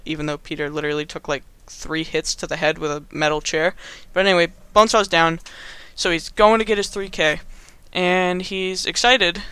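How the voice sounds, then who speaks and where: A man's voice: high voice, sharp tone, clear, resonant tone. A young man casually recapping a movie as a podcast host, rambling with lots of fillers and frequent laughs.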